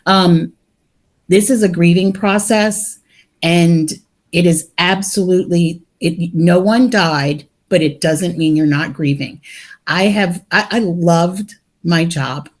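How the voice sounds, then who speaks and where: A talkative middle-aged woman with a somewhat low voice, speaking frankly on a video call. She mixes blunt advice with jokes about herself, in an open, conversational way. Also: fairly even intonation, slow pace. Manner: candid, talkative, joking. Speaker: laid-off operations worker sharing in a support group. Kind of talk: casual group video call.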